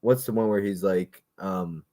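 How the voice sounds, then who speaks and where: A man hosting a casual livestream about movies, rambling and jokey, often breaking into loud impressions. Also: low-pitched, measured pace, no echo. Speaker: host.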